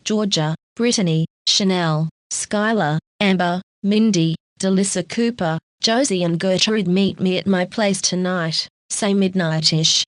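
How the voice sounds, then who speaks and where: A woman narrating a first-person audiobook in a steady, even read-through. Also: on the low side, unhurried, few pauses, dry recording.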